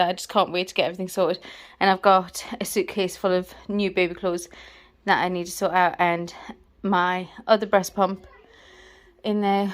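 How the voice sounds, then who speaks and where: A woman's voice: fairly low pitch, fairly even intonation, moderate pace. Chatty out-of-breath woman vlogging. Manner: chatty, rambling. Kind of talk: casual vlog talk. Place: indoors at home.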